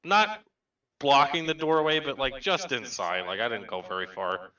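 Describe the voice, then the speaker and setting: Bright, boastful player man, distant muffled mic. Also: medium pitch, echoey room. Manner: boastful, playful, halting restarts. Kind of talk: in-character tabletop play.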